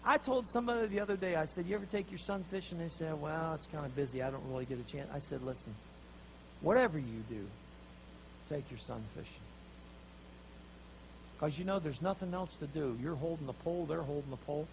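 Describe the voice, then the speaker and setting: Male pastor, high voice with gravel, animated storyteller, faint hiss on a muffled recording. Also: brisk. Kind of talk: sermon.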